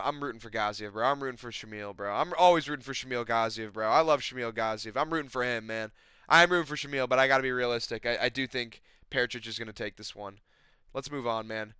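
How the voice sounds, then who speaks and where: A young adult man hosting casual MMA predictions, excitable and rambling, tossing in "bro" and swearing often. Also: medium pitch, clean tone, no echo, studio quality. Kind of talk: casual fight-prediction chat.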